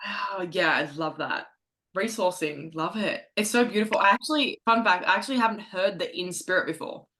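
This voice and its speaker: A woman host with a bright, forward voice, gushing with affirmation in a relaxed podcast interview. She cheers her guest on and moves the talk along with easy questions. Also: fairly low pitch, moderate pace. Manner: effusive, warmly affirming.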